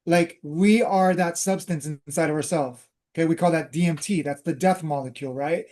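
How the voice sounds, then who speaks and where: A man's voice: a little high, moderate pace, darkish tone. Rambling man telling a spiritual story. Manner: rambling, with many fillers and restarts. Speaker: host.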